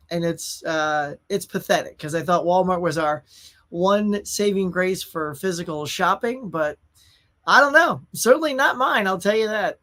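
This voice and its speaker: A man hosts a relaxed live stream from his own room at home. He talks in an easygoing, chatty way and calls out viewers by name. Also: sits high, normal speed. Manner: laid-back, chatty, greets viewers by name. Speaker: host of a pop culture live show. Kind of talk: casual livestream chat.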